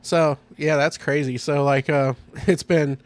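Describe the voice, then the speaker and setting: A man's voice: on the high side, level tone, a little slow, dry recording. A man hosting a casual podcast, talking with enthusiasm, rambling and laughing often. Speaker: podcast host. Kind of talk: casual chat.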